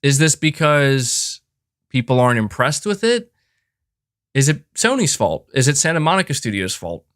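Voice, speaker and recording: A man's voice: mid-range voice, big pitch swings, moderate pace, a bit bright, no room sound, studio quality. A man hosting a podcast, giving casual opinion commentary in an emphatic, passionate rant. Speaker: podcast host.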